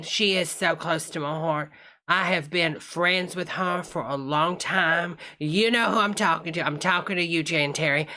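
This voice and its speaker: Bright-voiced woman hosting a live stream. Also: lowish voice. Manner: chatty, calls everyone honey, greets viewers by name. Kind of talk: casual live-stream chat.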